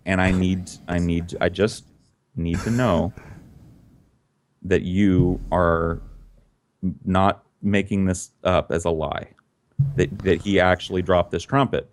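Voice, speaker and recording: A man voicing a calm middle-aged father who speaks hesitantly and earnestly. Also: mid-range voice, moderate pace, natural voice.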